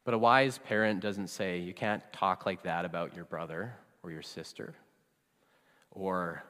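A man preaching a sermon as pastor, conversational, often trailing off soft and low at the ends of phrases. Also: steady tone, a little slow, big-room sound.

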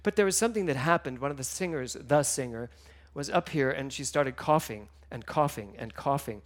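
A man giving a sermon, telling stories with emotion, moving between hushed and loud passages. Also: medium pitch, lively intonation, a little fast. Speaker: minister.

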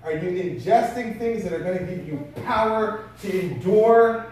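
A man's voice: sits high, normal speed, a little mellow. A man preaching a sermon in a conversational storytelling way, firing rhetorical questions at his listeners. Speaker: pastor. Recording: very echoey hall from far off.

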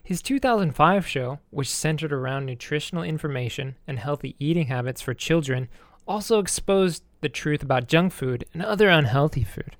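A man co-hosting a casual language-lesson chat, explaining background in a relaxed, easygoing way. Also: on the high side, moderate pace, no echo. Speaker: English co-host.

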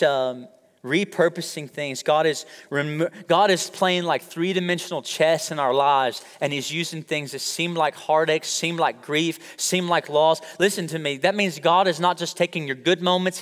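A pastor preaches to his congregation in a church sanctuary, keeping things conversational and funny while calling out to the room. His voice is a little high with a fairly bright tone, and a long hall reverb trails each phrase.

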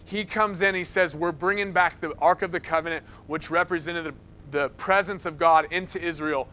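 A man preaching a sermon, telling stories in an animated way and acting out the quoted lines. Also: fairly high pitch, normal speed, a little hiss or hum. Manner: animated storytelling, acts out quotes.

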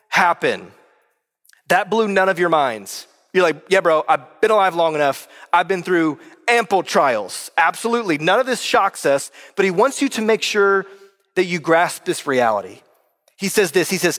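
Male pastor, high voice, casual conversational sermon, church sanctuary with long reverb. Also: expressive, normal speed, fairly bright tone. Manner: conversational preaching, addressing the congregation as guys.

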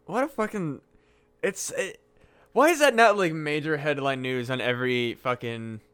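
A man's voice: on the high side, moderate pace, fairly bright tone, clear, resonant tone. A young man co-hosting a casual comedy podcast, riffing loosely and swearing as he builds on his co-host's jokes. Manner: profane, riffing, calls the other host dude. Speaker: podcast co-host.

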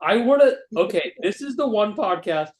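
Teasing young man, slightly high voice. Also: expressive, normal speed. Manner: teasing, many fillers like 'like' and 'bro'. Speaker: podcast guest. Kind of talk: casual podcast banter.

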